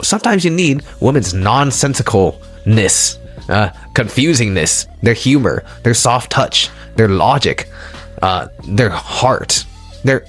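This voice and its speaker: A man of middle pitch delivers a motivational dating lecture. He is emphatic and repeats himself, pressing the listener with rhetorical questions. Faint music plays behind him. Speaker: dating and self-help lecturer. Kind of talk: motivational monologue.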